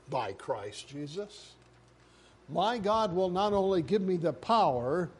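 A male pastor delivers a sermon at an unhurried pace, his voice sitting a little high. He leans into repeated phrases and builds in volume, with faint noise underneath the recording. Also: animated.

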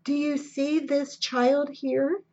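A woman reading the part of a proud preacher father who speaks in a quiet but very firm way, on a dull lo-fi recording. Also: high voice, slow pace, vocal fry, slightly rough, full character voice.

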